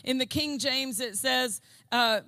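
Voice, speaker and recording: A woman delivers a fervent church sermon in a high, bright voice. She speaks slowly and deliberately, repeating phrases and swelling into shouted declarations. The sound is dry and close. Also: no echo. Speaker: preacher. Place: church service.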